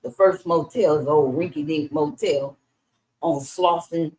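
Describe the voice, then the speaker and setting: A woman's voice: low voice, fairly even intonation, unhurried, dark tone, poor audio. A middle-aged woman from Los Angeles telling her life story in a casual interview, cursing freely and acting out the voices of the people in it. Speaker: interview guest.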